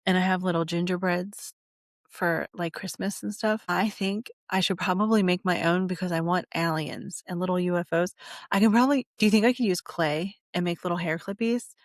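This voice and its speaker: A woman hosting her own podcast in casual chat while high, giggling, rambling and repeating herself. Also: fairly even intonation, normal speed, dry recording, clean studio sound. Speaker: podcast host.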